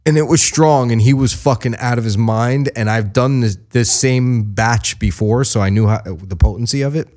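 A man's voice: medium pitch, normal speed, hardly any pauses. A man in casual chat, telling a wild story with lots of swearing and acted-out quotes. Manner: animated, profane, acts out quotes in voices.

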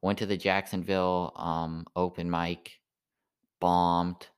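A sleepy man rambling through a halting stand-up style monologue full of "like" fillers. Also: low-pitched, flat delivery, clean tone.

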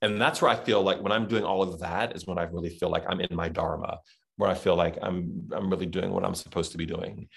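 A middle-aged Southern man chats as a podcast guest, thinking aloud and circling back on his words. His voice sits very low and carries a gravelly rasp. He talks in a casual, reflective way. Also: fairly even intonation, fairly quick. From Texas, USA. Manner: reflective, rambling with many restarts and fillers. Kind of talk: casual interview chat.

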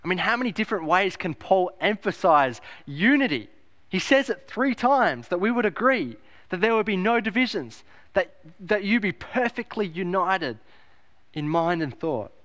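A man's voice: high voice, expressive, moderate pace, a bit bright. A man preaching a sermon as pastor, emphatic, repeating key phrases and asking rhetorical questions.

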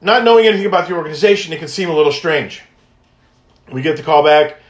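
A man hosting a podcast, telling stories in a casual, high-energy way, laughing often and acting out phone calls. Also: lively intonation, quick pace. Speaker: podcast host and wish granter. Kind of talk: casual storytelling monologue. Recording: echoey room.

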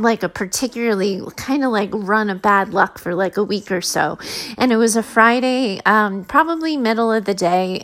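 A woman candidly telling a personal story to listeners in a chatty, conversational way, growing animated as she relives the emotion. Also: mid-range voice, rough recording.

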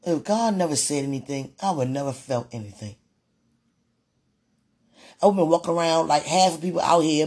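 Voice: medium pitch, normal speed, pauses often, darkish tone, breathy edge. A speaker in a fervent devotional monologue, sighing and laughing often and repeating words.

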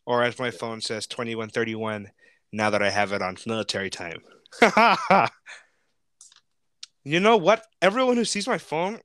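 A man's voice: medium pitch, a little slow, long pauses, smooth, no room sound, studio quality. A young man, co-hosting a casual chat and telling stories with frequent laughter. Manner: laughs often, animated storytelling. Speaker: podcast co-host.

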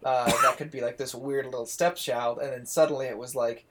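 A man's voice: medium pitch, fairly even intonation, a little fast, fairly bright tone. A man hosting a casual podcast chat, talking enthusiastically and rambling with lots of asides. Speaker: podcast host.

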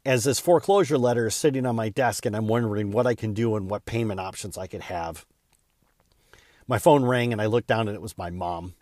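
A man's voice: lowish voice, fairly quick, darkish tone, no room sound, clean studio sound. A man hosting his own podcast, telling a personal story in an earnest, candid way with small stumbles and repeats. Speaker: podcast host.

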